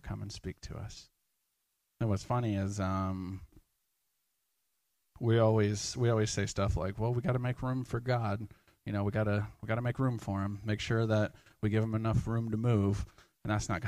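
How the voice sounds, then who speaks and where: A man's voice: on the low side, creaky, darkish tone, no echo. A man preaching a sermon in church, speaking earnestly in a conversational way and often quoting prayers aloud.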